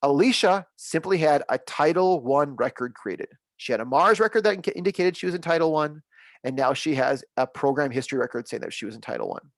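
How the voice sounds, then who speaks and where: A man running a software training webinar, upbeat and reassuring, repeating the key points as he walks through the screens. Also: on the high side, lively intonation, a little fast, no room sound.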